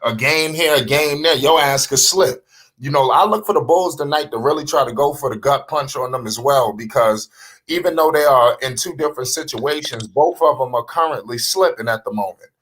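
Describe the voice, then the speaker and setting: A man hosting a casual live sports talk show, animated and profane, often asking whether the listener understands. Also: mid-range voice, normal speed.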